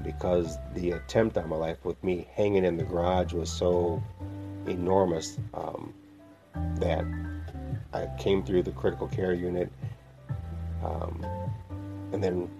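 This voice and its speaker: A man from northern Illinois, a podcast host telling his personal faith story in a reflective, heartfelt way with pauses. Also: sits low, lo-fi sound. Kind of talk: personal testimony.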